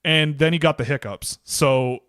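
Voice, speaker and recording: A man's voice: a little high, unhurried, a bit bright, clean tone, dry recording. Rambling man telling stories on a podcast. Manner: rambling, storytelling, self-interrupting. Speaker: podcast co-host. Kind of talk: casual hockey chat.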